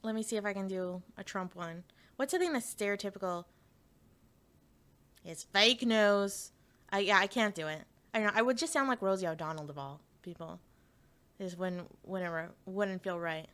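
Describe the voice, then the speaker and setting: A woman's voice: mid-range voice, a little fast, a bit bright. A woman streamer in casual live chat, rambling and giggly with lots of fillers.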